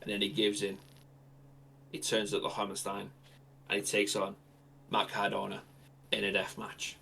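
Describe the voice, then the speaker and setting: A man's voice: fairly low pitch, normal speed, vocal fry, slight background noise. Male host improvising a wrestling story. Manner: animated, improvising. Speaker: podcast host. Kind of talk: fantasy-booking storytelling.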